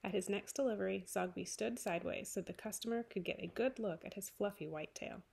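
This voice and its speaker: Gravelly woman reading a picture book. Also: mid-range voice, fairly quick. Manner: clear, warm read-aloud narration for young children. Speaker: teacher.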